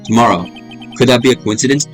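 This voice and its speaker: A man's voice: mid-range voice, quick pace, faint music behind. A young man casually playing and reading a detective game aloud, with lots of fillers and calling the viewer bro. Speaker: gaming YouTuber.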